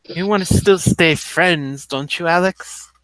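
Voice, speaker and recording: Guy doing a flirty russian nightclub lady, bright voice, fake accent, all darling this darling that. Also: fairly high pitch, slow, dry recording, voice pushed up. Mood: coaxing. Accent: put-on Russian. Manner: teasing, coaxing, calls everyone darling. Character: sultry Russian woman, flirtatious nightclub hostess.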